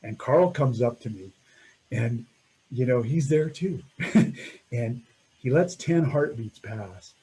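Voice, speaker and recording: A man's voice: mid-range voice, animated, slow, pauses often, mellow, breathy edge, rough recording. A middle-aged man telling a climbing story over slides in a reflective way, often laughing and trailing off.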